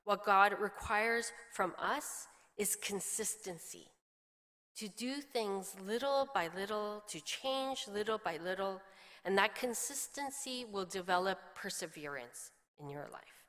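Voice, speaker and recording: A woman's voice: medium pitch, animated, unhurried, fairly bright tone. Middle-aged woman pastor preaching in a reverberant hall. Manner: chatty, storytelling with laughs and quoted voices. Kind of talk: sermon.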